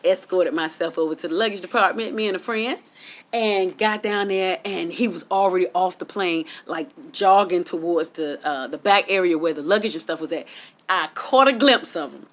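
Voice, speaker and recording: A woman vlogger telling a casual story to her viewers in chatty vernacular speech. She gets excitable and jumps high in pitch on her punchlines. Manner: chatty Southern US vernacular, talks straight to viewers. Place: at home, outdoors.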